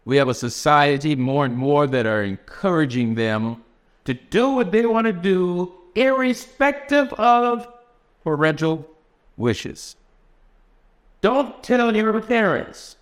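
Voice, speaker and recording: Slow-speaking preacher, man. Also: a little high. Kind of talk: sermon.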